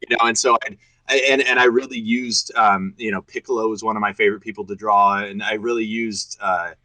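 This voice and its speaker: A man's voice: fairly low pitch, fairly even intonation, a little fast, bright, forceful tone, no echo, poor audio. A man in his thirties, a guest voice actor chatting earnestly on a podcast and laughing easily. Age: 30s. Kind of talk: casual podcast chat.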